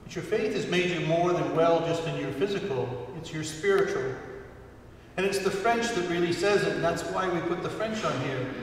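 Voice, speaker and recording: A male priest preaching in a church, his fairly high voice caught from far off by a room mic. The sound is heavily echoey with a long hall reverb and faint ambient hiss. He speaks earnestly and unhurriedly, lifting his voice for emphasis. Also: normal speed. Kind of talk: sermon. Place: church sanctuary. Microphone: distant room mic.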